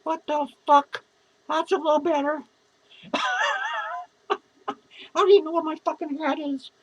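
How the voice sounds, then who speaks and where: A man's voice: very high voice, huge pitch swings, slow, fairly bright tone, full character voice, low-quality recording. A man voicing a drunk, rambling, self-pitying male clown who slurs, swears and giggles through his words. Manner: slurred, rambling, profane, giggling. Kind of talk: comedic character monologue.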